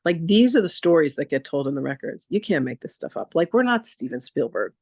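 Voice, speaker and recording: A woman spiritual teacher leading a masterclass, telling stories in a chatty, animated way with lots of casual fillers. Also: low-pitched, brisk, no room sound, clean studio sound. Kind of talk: casual storytelling lecture.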